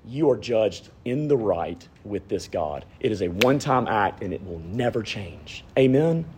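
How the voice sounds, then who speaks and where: A man in his thirties, a pastor preaching a sermon, swinging from raised emphasis down to hushed, near-whispered lines. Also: fairly low pitch, sing-song, measured pace, few pauses, breathy edge.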